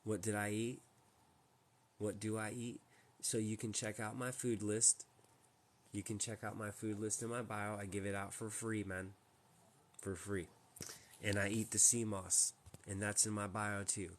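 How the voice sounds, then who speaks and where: Man, low-pitched voice, rambling live-stream chat, emphatic, restarts a lot, faint background hiss. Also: little pitch movement, unhurried, pauses often. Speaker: livestream host.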